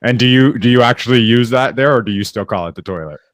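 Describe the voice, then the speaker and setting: A man's voice: mid-range voice, fast, no room sound, clean studio sound. A man in his thirties hosting a casual podcast, reading items off a list and asking curious questions. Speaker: podcast host. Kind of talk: casual chat.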